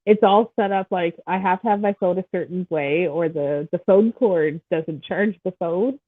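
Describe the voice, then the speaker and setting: Stuffed-up woman with a husky voice. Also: lowish voice, moderate pace, no room sound. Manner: chatty, rambling, teasing. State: stuffed-up nose. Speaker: podcast host. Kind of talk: casual chat. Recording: tinny phone-like line.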